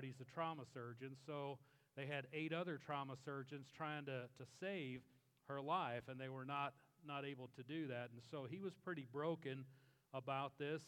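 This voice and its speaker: A middle-aged man preaching a sermon as a pastor, telling stories in an earnest way and slowing down for emphasis. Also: mid-range voice, a bit bright, smooth, long reverb tail. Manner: earnest storytelling, slows for emphasis.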